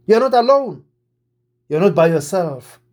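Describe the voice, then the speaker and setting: A man preaching a sermon, exhorting his listeners with repeated phrases and swings between emphatic and softer delivery. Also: high voice, sing-song, a little slow. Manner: repetitive, exhorting, rising and falling emphasis.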